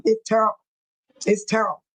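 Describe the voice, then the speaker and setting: A woman's voice: a little high, completely flat delivery, a bit bright, rough recording. A middle-aged woman hosting a casual livestream, chatting animatedly with her viewers and reading comments and news aloud. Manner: reads news aloud haltingly.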